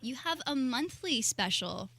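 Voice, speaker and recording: A woman's voice: high-pitched, sing-song, a little slow, crowd noise. A woman co-hosting a radio chat, listing off food items in an upbeat way. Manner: runs through menu items in an upbeat way.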